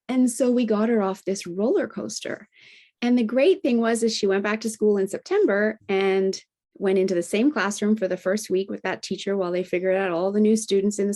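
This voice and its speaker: A middle-aged integrative health practitioner and health coach, a podcast guest, tells her family story in an easy, chatty way, often tagging phrases with "you know" and "right?" Her voice has an ordinary middle pitch and a dark tone. She acts out remembered dialogue by lifting her pitch.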